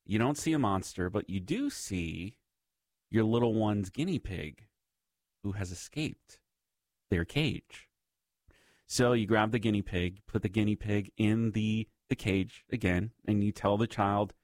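A man's voice: fairly low pitch, a little slow, darkish tone, no echo. A man hosting a faith-based radio talk segment, speaking to listeners in a conversational, reflective way. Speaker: radio host.

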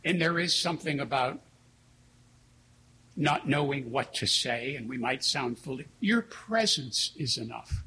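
A man preaching a sermon as a priest, telling stories in an earnest, reflective way with slow pauses. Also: medium pitch, animated, sharp tone, slight background noise, poor audio.

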